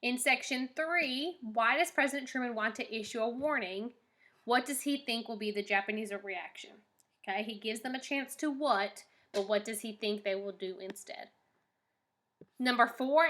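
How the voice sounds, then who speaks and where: A woman's voice: on the high side, pushed and bright. A woman teacher giving a recorded lesson, reading documents aloud and patiently explaining each question to her class.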